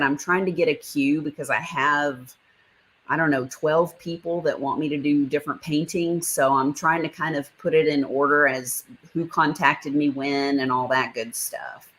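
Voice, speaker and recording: On a casual livestream, a woman chats and greets her viewers by name while reading their comments. She speaks at a moderate pace in a low-sitting voice with a sharp tone, over a rough recording.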